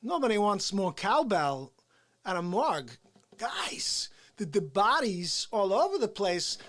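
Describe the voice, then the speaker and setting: A man doing an impression of a male movie actor with halting, oddly phrased speech. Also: high-pitched, big pitch swings, fairly bright tone, full character voice. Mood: deadpan.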